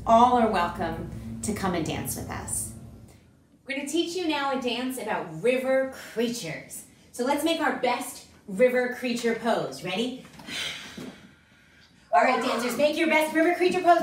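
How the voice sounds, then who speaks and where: Upbeat woman teaching artist with a high voice, heard from a distance in an echoey room, coaching kids with chants and counts. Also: slight background noise. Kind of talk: leading a children's dance class.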